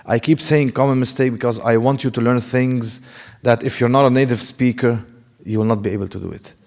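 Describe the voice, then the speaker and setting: A man's voice: medium pitch, steady tone, a little fast, a little mellow. A man who speaks Arabic as his first language teaches a tajweed lesson in English, correcting mistakes and repeating sounds to demonstrate them. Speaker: Quran recitation teacher. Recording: long reverb in a large hall.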